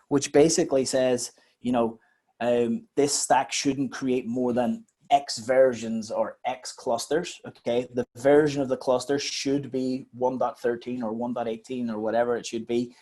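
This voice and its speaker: Mellow husky man explaining software. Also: mid-range voice. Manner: rambling, emphatic repetitions. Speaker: guest software engineer. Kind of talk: technical webinar explanation.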